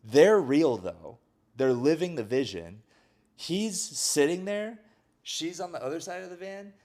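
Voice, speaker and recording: A man's voice: a little high, unhurried. A man co-hosting a podcast, casually retelling a film plot and acting out the characters' lines. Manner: animated storyteller acting out quoted lines, frequent "like". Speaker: podcast co-host.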